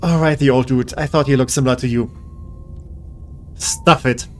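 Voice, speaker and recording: A man's voice: medium pitch, steady tone, normal speed, a little mellow, soft background music. A man live-streaming a game, tired and rambling as he jokes with his chat in a self-deprecating way.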